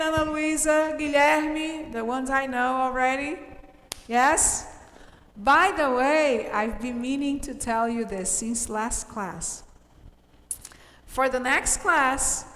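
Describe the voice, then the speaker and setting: With a high-pitched, fairly bright voice, a female English teacher walks her class through grammar, patient and explanatory and asking "okay?" often to make sure they follow. The recording echoes with reverberant room sound.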